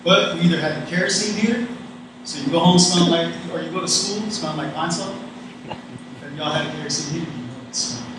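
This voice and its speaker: A man's voice: fairly high pitch, fast. Folksy man in an echoey hall. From North Carolina. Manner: casual, folksy, addresses audience directly. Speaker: guest speaker. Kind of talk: graduation speech. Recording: echoey hall, distant mic, noisy.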